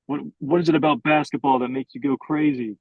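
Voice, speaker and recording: A man's voice: mid-range voice, steady tone, fairly quick, dry recording, phone-quality sound, natural voice. A man voicing a weary male noir detective who questions a suspect in a demanding, incredulous way.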